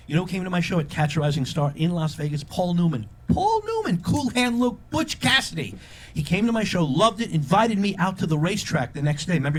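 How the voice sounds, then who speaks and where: An older man performing a live stand-up comedy routine with a punchy delivery, often leaping into loud, high character voices. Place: comedy stage before a live audience. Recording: live show with crowd laughter. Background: audience laughter.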